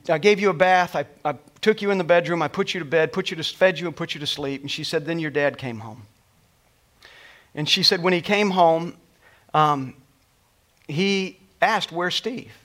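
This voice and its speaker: A middle-aged male preacher with a somewhat high voice tells a personal story to his congregation. His delivery is emotional and storytelling, rising with feeling and then falling soft and hushed at the tender parts. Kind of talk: sermon storytelling.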